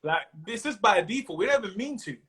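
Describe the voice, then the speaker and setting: A man's voice: high-pitched, expressive, fast, fairly bright tone. A man with a London accent chatting casually and jokily as a comedian guest on a video call, full of slang. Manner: slangy, jokey, laughs often. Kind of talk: casual chat.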